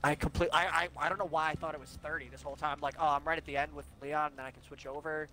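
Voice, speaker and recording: A man's voice: on the high side, flat delivery, rapid-fire, sharp tone, a little hiss or hum. Man in his twenties, teasing banter. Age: 20s. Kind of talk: casual gaming chat.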